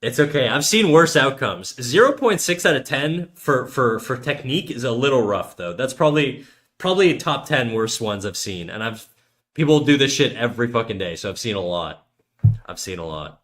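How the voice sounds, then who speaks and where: A man's voice: mid-range voice, big pitch swings, normal speed, a bit bright. A man from Canada, streaming while he draws and chatting casually in crude, joking banter full of swearing. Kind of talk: casual live-stream chat while drawing.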